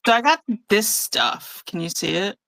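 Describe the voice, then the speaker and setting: A woman hosting a casual live craft session over a video call, chatty and relaxed, laughing often. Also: mid-range voice, moderate pace, no room sound, rough recording. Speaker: craft channel host. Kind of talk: casual live-stream chat while journaling. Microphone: phone or tablet mic over a video call.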